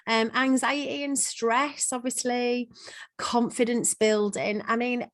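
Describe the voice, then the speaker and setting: A woman's voice: on the high side, steady tone, takes it slowly, fairly bright tone. A woman, a hypnotherapy trainer, talking casually to a group over a video call, with plenty of ums and restarts. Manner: chatty, frequent ums and restarts. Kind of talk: casual teaching talk. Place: online peer supervision call.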